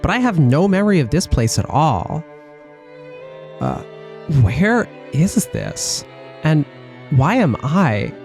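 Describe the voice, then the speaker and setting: A man's voice: a little high, huge pitch swings, slow pace, creaky, pauses often, a little mellow, soft background music, full character voice. A man reading a visual novel aloud, voicing a confused young woman in a plain, puzzled way. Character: confused young woman waking in a strange parlor.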